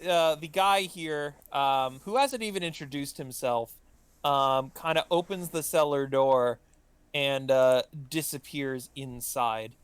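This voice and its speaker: A man's voice: mid-range voice, slow, smooth, no room sound. A man running a tabletop game as game master, narrating with many ums and uhs. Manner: hesitant, full of ums and uhs.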